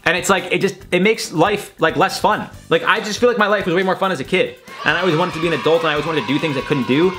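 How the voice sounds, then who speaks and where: A man's voice: a little high, fast talker, hardly any pauses, sharp tone, faint music behind. A young man hosting a casual reaction video, rambling and swearing through his commentary. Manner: chatty, swearing, rambling with lots of likes. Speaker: host.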